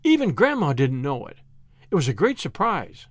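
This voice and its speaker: A man's voice: a little high, wildly swooping pitch, normal speed, no echo, clean studio sound. A man reading an audiobook, voicing an eager young boy who talks breathlessly about a happy surprise. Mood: radiant.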